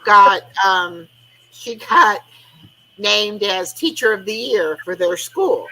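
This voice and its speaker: A woman's voice: mid-range voice, lively intonation, takes it slowly, sharp tone, poor audio. An older woman, chatting casually on a live stream over a video call and acting out conversations as she tells stories. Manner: chatty storytelling, acting out quoted talk. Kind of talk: casual chat.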